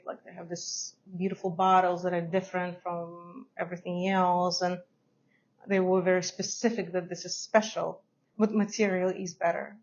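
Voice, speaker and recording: A woman's voice: fairly low pitch, muffled recording. A woman who is not a native English speaker, reviewing fragrances in a chatty, hesitant way and laughing often. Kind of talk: casual review to camera.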